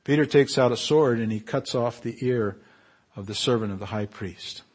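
A man preaching a sermon in an animated way, often repeating and restarting phrases and building to loud, emphatic peaks. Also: medium pitch, moderate pace, breathy edge.

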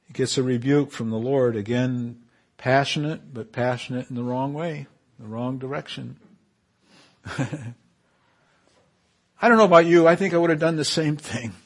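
A man preaching a sermon in an animated way, often repeating and restarting phrases and building to loud, emphatic peaks. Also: mid-range voice, moderate pace, pauses often.

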